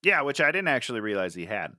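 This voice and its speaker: Animated sarcastic man ranting about a movie. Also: medium pitch, fast talker. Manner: animated, mocking, mimics characters in exaggerated voices. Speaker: podcast co-host. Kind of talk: casual movie-review chat.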